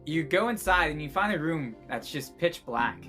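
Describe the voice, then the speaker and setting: A man's voice: a little high, lively intonation, moderate pace, bright, forceful tone, faint music behind. Laid-back man running a tabletop game. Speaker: dungeon master.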